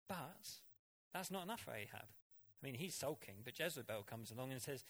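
A man preaching a sermon, reading scripture and explaining it in an animated, chatty way. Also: mid-range voice, a little fast, hardly any pauses, husky. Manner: animated, conversational Bible exposition.

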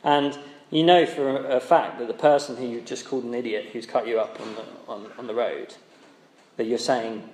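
A man's voice: medium pitch, expressive, normal speed, darkish tone, echoey room. A man preaching a sermon in a conversational way, often asking the listeners rhetorical tag questions.

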